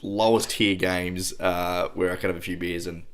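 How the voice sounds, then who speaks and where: A young adult man with an Australian accent, co-hosting a casual chat, relaxed and swearing, often repeating words. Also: deep voice, moderate pace. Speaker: podcast co-host.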